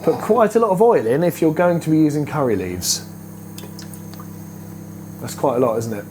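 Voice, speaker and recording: A man with a slightly high, sing-song, darkish voice talks at normal speed as he hosts a cooking video in a home kitchen, casual and playful while he cooks. Faint music plays behind him, and clear frying and sizzling pan sounds come through under his voice.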